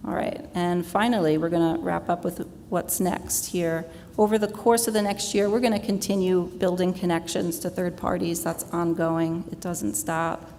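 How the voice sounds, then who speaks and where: A woman presenting product plans at a conference in a relaxed way, with fillers. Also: moderate pace, hardly any pauses. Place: large conference hall. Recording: reverberant hall with low rumble.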